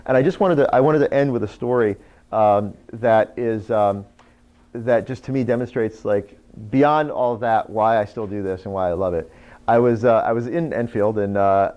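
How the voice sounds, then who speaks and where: A man who hosts an internet radio show, giving a live talk to a speakers' group and telling stories full of "you know" and "right?". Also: fairly low pitch. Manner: animated storyteller, lots of "you know" and "right?". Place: meeting room. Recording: dull lo-fi recording.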